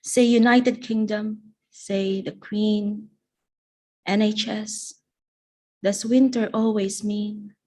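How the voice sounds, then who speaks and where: A woman poet reads her work aloud at a live event. She takes her time, letting each line settle in a slow, deliberate recitation, her voice sitting in an ordinary middle register. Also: medium pitch, steady tone, dark tone. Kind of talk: live poetry reading.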